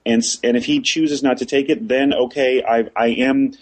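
A man's voice: mid-range voice, fairly even intonation, moderate pace, poor audio. A man co-hosting a casual discussion of a story, thinking aloud and often restarting his phrases. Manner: thoughtful, repeats and restarts phrases.

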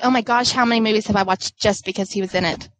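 A woman's voice: medium pitch, steady tone, quick pace, a bit bright, slight background noise. A woman co-hosting a podcast, chatting in a bubbly, giggly way. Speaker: podcast co-host. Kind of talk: casual chat.

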